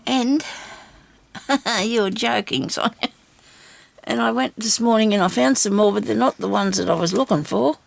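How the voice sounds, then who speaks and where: A woman's voice: on the high side, normal speed, creaky. An older woman chatting to herself while she crafts at a table at home. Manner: chatty, talks to herself, laughs often. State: seated, busy cutting and inking. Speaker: crafter hosting a journal video. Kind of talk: casual crafting chat.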